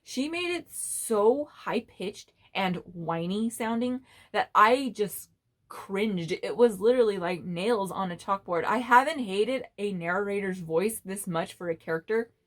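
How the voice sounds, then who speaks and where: A young woman reviewing a book in a casual vlog, blunt and exasperated, swearing freely as she rants. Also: mid-range voice. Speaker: book vlogger.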